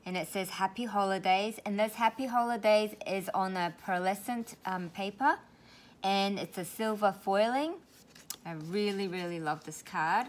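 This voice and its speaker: A woman's voice: medium pitch, measured pace. A woman craft vlogger who lives in Australia, opening crafty mail and gushing about it in a casual way, often repeating words for emphasis.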